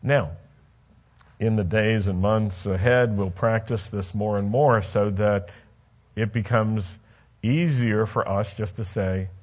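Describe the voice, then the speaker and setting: A man's voice: lowish voice, slow pace, darkish tone, dull audio. A man preaching a sermon in a conversational way, asking the congregation questions and telling stories from his own life. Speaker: pastor.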